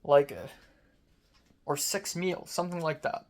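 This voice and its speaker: A man's voice: fairly high pitch, unhurried, pauses often. Man, vlog rant: foul-mouthed, sarcastic, self-blaming, voice strained from screaming. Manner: angry, profane, self-mocking, sarcastic. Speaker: vlogger. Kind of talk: personal rant.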